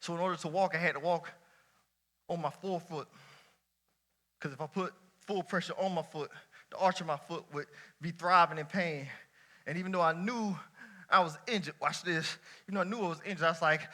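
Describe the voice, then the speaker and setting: A man preaching a sermon to a church congregation, talking casually, shouting at some points and dropping low at others. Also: fairly quick, long pauses. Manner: lively colloquial preaching, swinging between shouts and near-quiet asides. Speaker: pastor.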